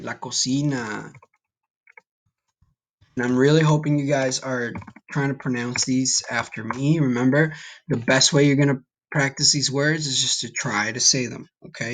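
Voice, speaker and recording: A man teaching a recorded Spanish vocabulary lesson, patient and encouraging, often checking in with "okay?". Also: medium pitch.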